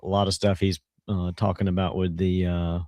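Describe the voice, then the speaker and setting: A man with a low, hoarse voice that is mostly gone, talking casually and chattily as a sports show co-host. The sound is dry and close, with no room around it. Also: little pitch movement, moderate pace, a little mellow, dry recording. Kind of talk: casual chat.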